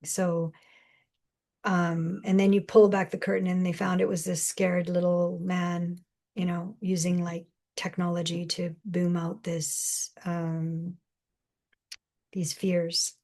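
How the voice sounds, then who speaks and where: A woman with a slightly low voice talks through spiritual ideas in an easygoing, meandering way. She often acts out snippets of inner dialogue as she goes. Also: unhurried. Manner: rambling, animated, acts out quoted voices with laughs. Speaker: spiritual channeler guest. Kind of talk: casual spiritual guidance talk.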